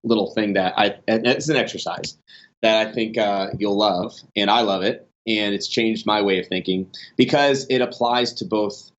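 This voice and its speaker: A man's voice: fairly low pitch, moderate pace. Chatty man telling business stories, lo-fi. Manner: rambling, many restarts and fillers, animated in stories. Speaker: podcast guest, online business owner. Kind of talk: casual conversational storytelling.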